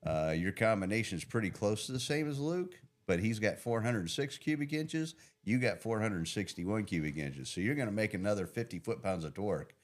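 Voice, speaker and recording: A middle-aged man, an engine builder, chatting loudly on a podcast and laughing often as he rambles about his work. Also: lowish voice, lively intonation, normal speed, few pauses. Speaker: engine builder and shop owner. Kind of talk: casual podcast chat.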